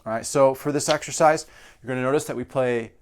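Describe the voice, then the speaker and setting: A man's voice: mid-range voice, fast talker. A male drum teacher explaining a practice exercise step by step and counting beats aloud. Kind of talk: instructional demonstration.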